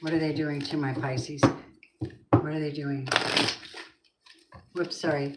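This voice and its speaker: A woman's voice: deep voice, fairly even intonation, unhurried, heavy background noise. A woman reading tarot cards for her viewers in a casual, emphatic way, talking to them directly and swearing now and then. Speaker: tarot reader.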